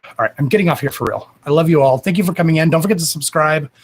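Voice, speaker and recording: A man's voice: a little high, very fast, breathy edge. A man hosting a psychic-medium livestream from home, wrapping up in a chatty, blunt way with some swearing and a lot of affection for his viewers. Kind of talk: casual livestream sign-off chat. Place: at home, indoors. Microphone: camera microphone on a livestream. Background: a dog and faint noise.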